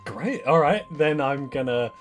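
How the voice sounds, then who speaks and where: A man's voice: mid-range voice, animated, measured pace, soft background music. A man playing a tabletop game, scheming and swearing with a joking tone. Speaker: player.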